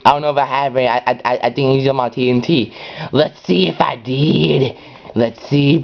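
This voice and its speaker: A man giving rambling, excitable gameplay commentary as host of his own channel, now and then breaking into high yells. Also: normal speed, creaky. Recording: dull lo-fi recording.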